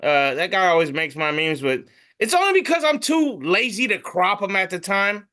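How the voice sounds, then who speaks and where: A man's voice: high voice, very animated, normal speed, sharp tone. A man co-hosting a casual comedy podcast, reading memes aloud and joking, swearing freely.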